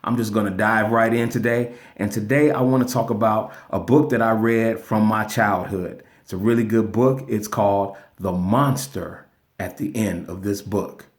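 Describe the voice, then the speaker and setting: A man's voice: on the low side, fairly even intonation, moderate pace. A man telling a story as a lesson in an earnest, casual motivational talk, streamed live from his phone. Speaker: motivational speaker.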